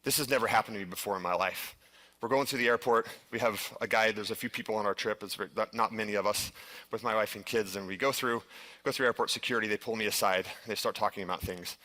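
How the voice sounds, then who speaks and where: A man's voice: fairly low pitch, steady tone, quick pace, sharp tone. A middle-aged man speaking earnestly to a live audience, telling a personal story with frequent restarts and filler words. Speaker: conference speaker. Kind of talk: live stage presentation.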